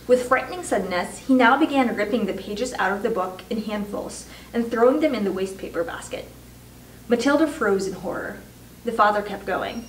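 A woman's voice: mid-range voice, lively intonation. Woman reading a children's book aloud. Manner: measured, slows for emphasis. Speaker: volunteer reader. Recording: roomy echo, distant mic, faint noise.

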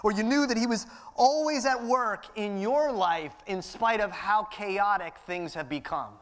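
High-voiced impassioned male preacher. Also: a little slow, a bit bright. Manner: impassioned, repetitive preaching cadence. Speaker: pastor. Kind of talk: sermon. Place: church sanctuary.

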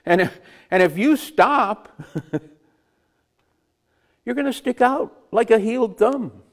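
A man's voice: very high-pitched, lively intonation, extremely slow, long pauses. A man preaching a conversational sermon, asking the congregation rhetorical questions and chuckling between points. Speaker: pastor.

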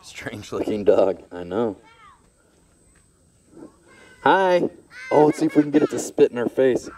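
A man's voice: mid-range voice, very animated, measured pace, long pauses, a little mellow. A man live-streaming from an outdoor petting zoo, talking nonstop with crude, joking banter into a handheld mic. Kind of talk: casual live-stream commentary.

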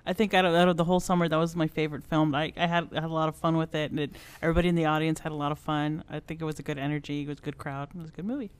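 A woman gives her picks on a casual movie podcast. She talks fast in a clear, smooth voice. Her opinions come out quick and upbeat. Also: low voice, fairly even intonation. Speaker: podcast co-host. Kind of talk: casual roundtable chat.

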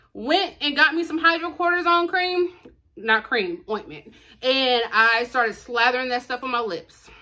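A young woman tells a storytime to her vlog viewers, chatty and dramatic. Her voice is bright and sits a little high. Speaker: book vlogger.

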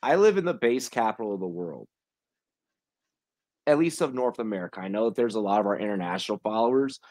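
A man's voice: fairly low pitch, expressive, brisk, darkish tone, no room sound, clean studio sound. A man hosting a casual podcast chat who laughs often and repeats words while searching for them. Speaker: podcast host.

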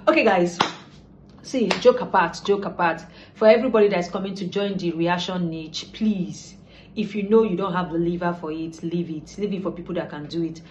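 A woman's voice: fairly low pitch, moderate pace. A woman with a Nigerian accent, a lifestyle vlogger chatting casually to camera and slipping into pidgin. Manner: chatty, mixes pidgin, lively asides. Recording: slightly dull lo-fi sound with faint background noise.

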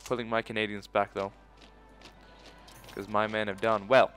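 Male gaming host, low-ish voice, casual let's-play talk, thinks aloud. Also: little pitch movement, normal speed, fairly bright tone, faint music behind. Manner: thinking aloud, loose and profane.

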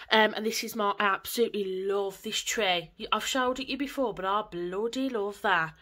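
This living-room home vlog features a chatty woman from England in her 20s who rambles and swears lightly. Her voice is medium-pitched and a bit bright.

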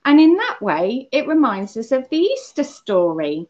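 A woman leading a children's holiday club, telling a story and talking gently to the kids. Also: high-pitched, big pitch swings, a little slow, hardly any pauses. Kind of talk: children's talk on a Bible lesson. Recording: muffled lo-fi church recording.

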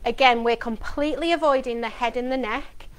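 Clear-voiced woman therapist explaining steadily. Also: a little high, a little fast, a little hiss or hum, rough recording. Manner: projects her voice clearly while explaining; calm, practical explanations to parents. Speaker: occupational therapist. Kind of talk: instructional demonstration.

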